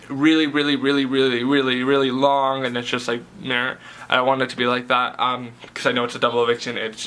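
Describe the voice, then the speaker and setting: A man's voice: medium pitch, sharp tone. A young man giving a casual, rambling rant about a reality TV show, filling his talk with "like" and "um". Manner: rambling, heavy use of "like" and fillers. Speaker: reality TV vlogger.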